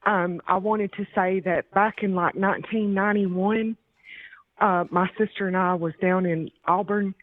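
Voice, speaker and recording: A woman's voice: medium pitch, fairly even intonation. Earnest woman on a tinny phone line. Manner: earnest, halting, polite. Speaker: call-in listener. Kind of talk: phone call to a radio show.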